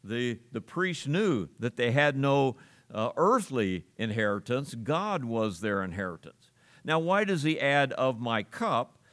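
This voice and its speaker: Man preaching, earnest and halting. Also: medium pitch, big pitch swings, fairly bright tone. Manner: earnest preaching with frequent "uh" fillers. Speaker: pastor. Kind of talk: sermon.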